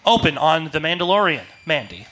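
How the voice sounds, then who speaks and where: A man reading out the stage directions of a comedy sketch in an amused, lively way. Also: on the high side, a little fast, poor audio.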